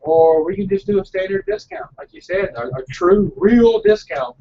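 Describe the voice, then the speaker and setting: A man's voice: high voice, huge pitch swings, normal speed, creaky, husky, recorded from a distance, muffled recording. A man who owns a small frozen yogurt shop, chatting earnestly and a bit rambling on a casual live broadcast.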